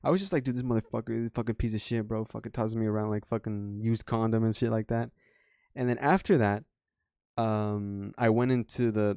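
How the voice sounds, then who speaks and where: A man's voice: fairly low pitch, a little mellow, clean tone, dry recording, clean studio sound. A young man venting about his job in a rambling, profane, frustrated way. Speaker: vlogger. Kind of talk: candid personal vent.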